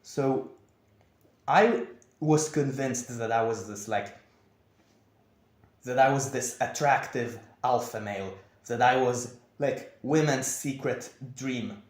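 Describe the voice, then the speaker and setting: A young man talking in a confessional vlog, with a monotone, over-enunciated delivery. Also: mid-range voice, slow. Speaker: vlogger. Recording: echoey room.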